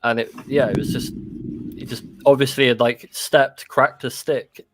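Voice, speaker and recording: A man recounting a personal encounter in casual conversation, halting and full of restarts and "like". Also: mid-range voice, steady tone, a little hiss or hum.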